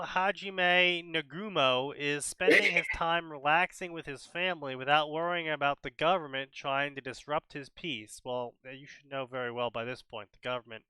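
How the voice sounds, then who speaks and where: A man's voice: fairly high pitch, sharp tone, smooth, dry recording. A man co-hosting a casual commentary stream, reading fanfiction summaries aloud in a sarcastic, mocking tone.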